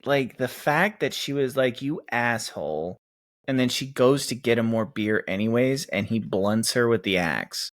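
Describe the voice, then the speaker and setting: A man's voice: mid-range voice, normal speed, few pauses. A man co-hosting a podcast, bantering and joking with silly asides. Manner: animated, jokey, puts on silly voices. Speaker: podcast co-host.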